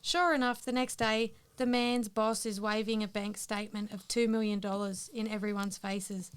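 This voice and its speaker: A woman podcast co-host telling a long joke story in a casual chat, teasing and quick to laugh. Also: mid-range voice, little pitch movement, clean tone.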